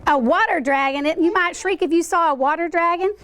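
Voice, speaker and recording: A woman's voice: extremely high pitch, a little fast, fairly bright tone, slight background noise. A woman teacher in a classroom, teaching vocabulary to young children, asking questions and encouraging them to act out words.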